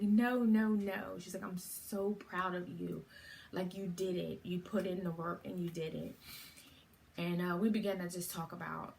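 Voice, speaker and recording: A middle-aged woman talks straight to her viewers, slipping into an animated retelling of her day. Her voice sits a little low, and she drops in filler words as she goes. A faint hum of ambience sits behind her. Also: gravelly. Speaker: vlogger. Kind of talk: casual storytelling to camera.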